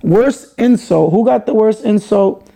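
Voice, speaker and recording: A man's voice: high-pitched, a little slow, vocal fry, mellow. A young man from the Bronx hosts a casual solo podcast, chatty and playful, often correcting himself mid-sentence. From Bronx, New York. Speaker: podcast host.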